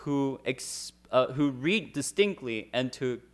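A man interpreting a sermon phrase by phrase, measured and steady, at times reading scripture aloud. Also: medium pitch.

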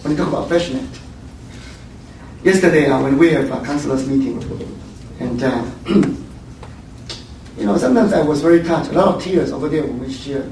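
Male church teacher, slightly high, conversational sermon full of "huh?" tags; far-off mic, very echoey room. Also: fairly quick, long pauses, a little mellow. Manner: tags questions with "huh?" and "yeah?", repeats words. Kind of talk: Bible study sermon. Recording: very echoey room, distant mic, faint noise.

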